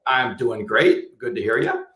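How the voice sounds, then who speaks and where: A man from the US Midwest, a guest on a livestream panel, talking in a measured, articulate way and explaining at length. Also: mid-range voice, sharp tone, echoey room.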